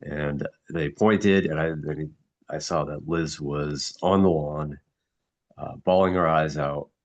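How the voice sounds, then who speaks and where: A middle-aged man in a casual group chat, grieving and somber, talking haltingly with many restarts. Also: rumbling low, steady tone, lo-fi sound. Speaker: mastermind group member.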